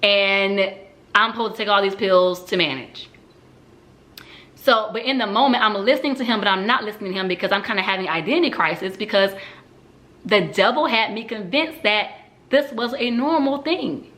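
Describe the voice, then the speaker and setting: A woman's voice: mid-range voice, moderate pace, pushed and bright. A woman candidly recounting a personal experience in a reflective storytelling manner, with frequent "um"s. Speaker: speaker sharing personal story. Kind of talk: personal testimony talk.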